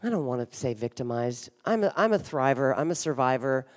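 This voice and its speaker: A woman's voice: extremely low pitch, lively intonation, fairly quick, a little hiss or hum. A woman in her fifties giving a frank, wry and humorous talk about her own life from a conference stage, swearing bluntly now and then. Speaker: speaker at a recovery conference. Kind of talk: candid personal talk on stage. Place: large hotel ballroom stage. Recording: reverberant hotel ballroom.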